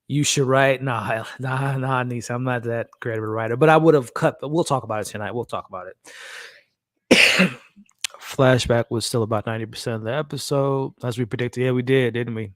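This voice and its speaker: A man's voice: medium pitch, fairly even intonation, normal speed, a bit bright, no room sound, clean studio sound. A man hosting a live reaction stream, talking candidly and chatting directly with his viewers. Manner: candid, chatty, talks straight to the live chat. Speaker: host.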